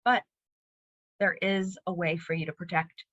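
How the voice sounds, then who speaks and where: A woman's voice: lowish voice, measured pace, dry recording, highs cut off. A woman giving a recorded library presentation, explaining ideas steadily and walking through examples. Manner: clear, steady teaching delivery with examples.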